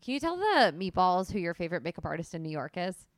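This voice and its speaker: A woman's voice: fairly low pitch, sing-song, quick pace, no room sound. A woman co-hosting a podcast, gushing and teasing as she prompts her partner's stories. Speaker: podcast co-host. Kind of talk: casual chat.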